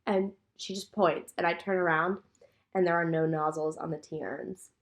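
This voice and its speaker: A woman's voice: fairly low pitch, moderate pace. Young woman telling a work story. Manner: animated storyteller, swears freely. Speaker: podcast co-host. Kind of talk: casual chat.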